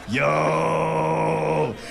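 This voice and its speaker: A man performing a stand-up comedy set, animated and breaking into shouted character bits. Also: a little high, drawn-out words, gravelly, noisy background.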